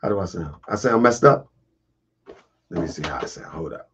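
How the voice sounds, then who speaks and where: A man hosting a casual livestream, husky and getting over a cold, talking to viewers, laughing often and answering chat comments. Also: low voice, lively intonation, normal speed, fairly bright tone, a little hiss or hum. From Baltimore area. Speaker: livestream host.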